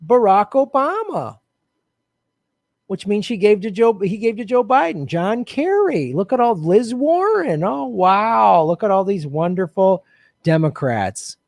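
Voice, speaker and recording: A sarcastic, blunt-talking man delivers an online commentary monologue. His voice sits high and swings up and down as he mocks what he reads. The sound is close and dry, with no room around it. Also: unhurried, vocal fry, no echo. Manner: sarcastic and animated; blunt, swears often. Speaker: political commentary host.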